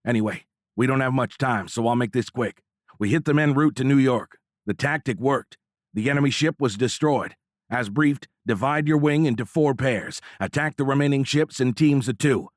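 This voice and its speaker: A man's voice: mid-range voice, normal speed, no room sound, clean studio sound, voice pushed up, close to an everyday voice. A man voicing a middle-aged male fighter-pilot colonel with a heavy East Texas drawl, giving urgent radio orders. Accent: East Texas drawl, put on. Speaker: fighter-wing commander.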